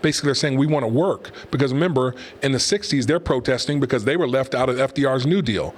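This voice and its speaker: A man's voice: mid-range voice, fast talker. A middle-aged man hosting a talk show and giving opinionated, rambling commentary in a conversational way. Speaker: host and pastor. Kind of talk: casual commentary podcast.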